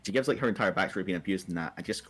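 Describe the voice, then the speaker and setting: A man's voice: low voice, rapid-fire, fairly bright tone. A man co-hosting a podcast in casual chat, rambling with lots of "like" fillers and the odd swear. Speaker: podcast co-host.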